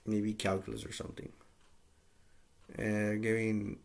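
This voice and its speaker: A man's voice: lowish voice, completely flat delivery, a little slow. A man casually recapping a movie plot in a rambling, plain-spoken way with lots of fillers. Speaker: movie reviewer.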